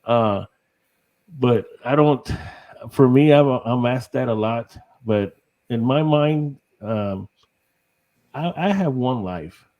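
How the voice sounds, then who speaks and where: A man's voice: medium pitch, slow pace, pauses often, mellow, dull audio. A middle-aged man from Texas, a guest on a podcast, chatting casually in a rambling way, laughing often and saying "you know" a lot. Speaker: guest, paranormal investigator.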